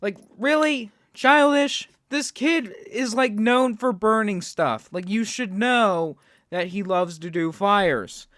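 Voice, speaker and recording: A man's voice: high voice, slow pace, fairly bright tone, dry recording, studio quality. A man hosting a reaction video, talking sarcastically and ranting at what he watches. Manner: sarcastic, ranting, mocks with put-on quotes. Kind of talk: reaction commentary.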